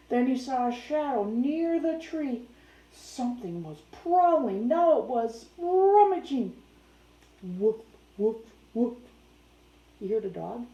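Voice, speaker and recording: Slow mellow young woman reading a kids book, keeps chatting to her dog, roomy sound. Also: high voice. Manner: breaks off to talk playfully to her dog. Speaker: storyteller reading a picture book aloud. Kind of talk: children's book read-aloud.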